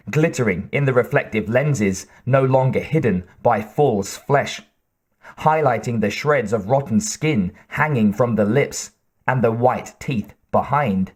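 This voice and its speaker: A man narrating an audiobook in a measured, even delivery. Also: mid-range voice, husky. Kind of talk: scripted narration.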